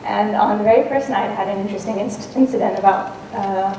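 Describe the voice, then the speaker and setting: A woman's voice: mid-range voice, steady tone, quick pace, mellow. Woman speaker, casual storytelling talk with ums, distant mic, faint hum behind. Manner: conversational, with frequent ums and restarts. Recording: roomy and distant with faint noise.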